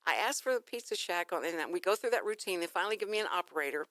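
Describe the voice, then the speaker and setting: A Texan woman hosting a local morning radio talk show, chatting casually to her listeners. Her pitch swoops widely as she acts out phone calls in an animated storytelling style. The studio sound is dry and close. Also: racing, dry recording. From Texas.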